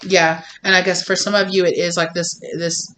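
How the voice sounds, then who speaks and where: A woman's voice: lowish voice, level tone, moderate pace, fairly bright tone. A woman doing a casual tarot reading, chatty and full of fillers, often acting out quoted voices. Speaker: tarot reader.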